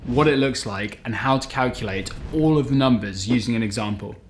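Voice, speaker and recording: A man hosting an educational channel, explaining accounting step by step in a clear, methodical scripted delivery. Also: mid-range voice, brisk. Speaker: host of an accounting lesson channel.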